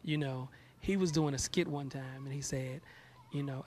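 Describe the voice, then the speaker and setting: A gospel artist in his thirties talks in a casual interview, animated and preachy, often repeating words as he starts sentences. His voice is medium-pitched and his pace moderate.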